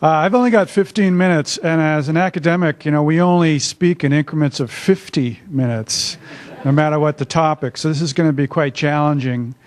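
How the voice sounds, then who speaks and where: An older male academic with a fairly high voice speaks fairly quickly at a workshop in a conference room. His presentation is conversational and self-deprecating, with lots of filler "uhs."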